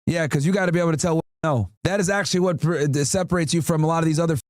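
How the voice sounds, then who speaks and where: A man's voice: on the high side, very fast, heavy background noise. A man hosting a livestream, commenting on a guest's story and thanking viewers for gifts. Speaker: livestream host.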